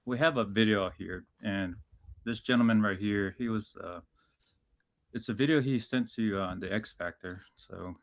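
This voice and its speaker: A man's voice: lowish voice, normal speed. A man hosting a live interview show, giving short backchannels and hesitantly introducing a clip. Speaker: show host.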